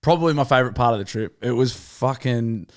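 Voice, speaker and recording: Aussie bloke on a podcast, swears a lot, tells stories, mid pitch. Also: male voice, fairly quick. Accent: Australian. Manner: sweary, storytelling, laughs often. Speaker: podcast co-host. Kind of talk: casual chat.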